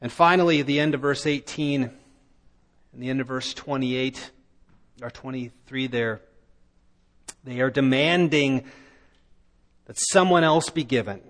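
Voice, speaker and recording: A man preaching a sermon, emphatic and building to loud declamation. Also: mid-range voice, measured pace, pauses often. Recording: long reverb of a large hall.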